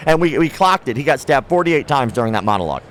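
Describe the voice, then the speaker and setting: A man's voice: medium pitch, quick pace, slight background noise. A young man, a guest on a show, telling stories in a casual interview, acting out the people he quotes and swearing freely. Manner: animated storyteller who acts out quoted people, swears freely. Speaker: martial arts content creator, guest. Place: outdoors at a trade show.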